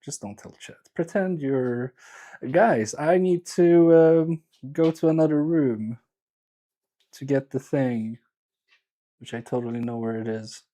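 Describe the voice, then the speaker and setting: Male repair streamer, casual, teasing and self-mocking, warm voice. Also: medium pitch, unhurried, slight background noise. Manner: joking, self-mocking, chatty with viewers. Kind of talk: casual live-stream chat.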